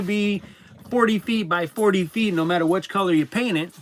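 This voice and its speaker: A man's voice: high-pitched, brisk, a bit bright, slight background noise. A man chatting casually in a vlog, rambling a bit and repeating words. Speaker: vlogger. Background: a dog in the room.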